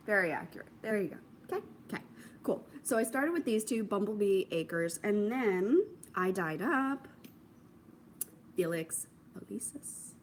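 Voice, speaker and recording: A young woman hosting a knitting podcast, chatting casually while showing her projects, amused at herself and dropping into soft asides. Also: mid-range voice, expressive, a little slow, slight background noise. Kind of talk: casual show-and-tell chat to camera.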